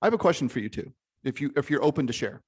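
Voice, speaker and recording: A man's voice: mid-range voice, racing, husky. Emphatic male coach on a video call. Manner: energetic and emphatic, with frequent check-ins and swearing. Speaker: relationship coach. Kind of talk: live online coaching session.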